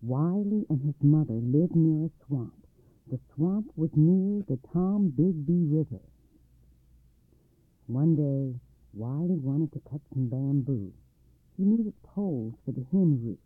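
A man reading a folktale aloud, expressive, shifting his pitch and volume. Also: a little slow, slightly rough, dry recording. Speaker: storyteller. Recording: dry tinny phone-like line.

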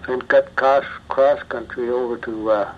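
Older man recalling flying days, halting. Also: medium pitch, steady tone. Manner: halting, many pauses and fillers. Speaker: retired bush pilot. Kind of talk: oral history interview. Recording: muffled archival tape with faint hiss.

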